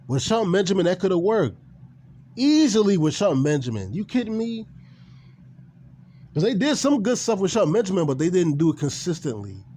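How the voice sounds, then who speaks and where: His voice sits high with a darkish tone. This gaming and wrestling commentator rants casually and animatedly about wrestling, cursing and saying things more than once as he gives his opinions.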